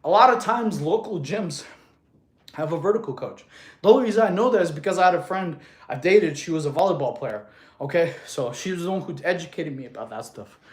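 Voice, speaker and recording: A man's voice: on the high side, lively intonation, a little fast. A man coaching fitness on a casual livestream, laughing often and answering chat questions, filmed on a tripod camera.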